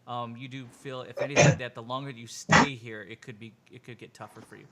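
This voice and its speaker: A man narrating as game master of a tabletop role-playing game, animated and jumping into quick voices for the people in the scene. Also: mid-range voice.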